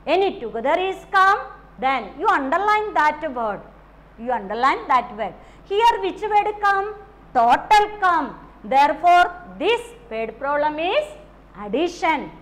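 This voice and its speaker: A woman teaching a maths lesson. She drills the class slowly, repeating questions and answers in phrasing, and coughs now and then. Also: sits high, fairly bright tone. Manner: slow, repetitive drilling with call-and-response questions; non-native English phrasing. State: coughing at times.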